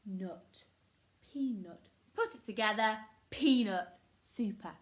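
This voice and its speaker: A woman's voice: medium pitch, lively intonation, normal speed. A woman teaching a phonics lesson to young children, upbeat and encouraging, sounding words out syllable by syllable. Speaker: primary school teacher.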